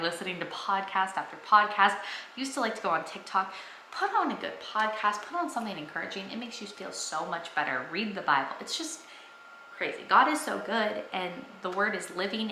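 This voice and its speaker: A woman's voice: medium pitch, sharp tone, reverberant, a little hiss or hum, rough recording. A young woman vlogging at home, talking earnestly and enthusiastically about her faith to the camera. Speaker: family vlogger. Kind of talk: casual faith talk to camera.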